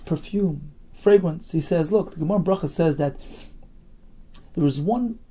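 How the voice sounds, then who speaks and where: A high-pitched man with a husky, gravelly voice teaches a Talmud class. He reads the Aramaic phrase by phrase and translates each part into English as he goes. His tone is mellow, and the recording is dull and lo-fi. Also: moderate pace.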